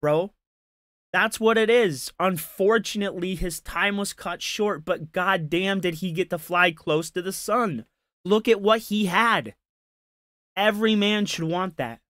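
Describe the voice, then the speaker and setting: A man's voice: high voice, sharp tone, no echo, clean studio sound. A man doing casual reaction commentary on a stream, ranting in an exasperated, profane and mocking way.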